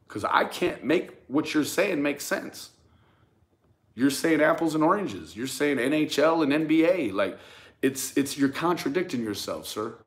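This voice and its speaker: A man's voice: on the high side, expressive, normal speed. A man hosting a casual commentary rant for his channel, speaking emphatically, often stammering and repeating words as he addresses viewers and critics directly. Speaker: YouTube true crime commentator.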